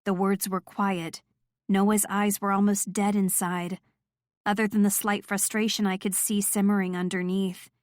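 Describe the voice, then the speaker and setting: A woman narrating a first-person romance audiobook in a steady, clear storytelling voice. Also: mid-range voice, measured pace, no room sound, studio quality.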